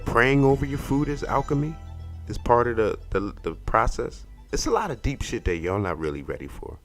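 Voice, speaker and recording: A man's voice: medium pitch, big pitch swings, normal speed. A man hosting, reading aloud and commenting in a loose, profane way, stumbling over words. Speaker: host reacting and reading aloud. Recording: voice over clear background music. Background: music.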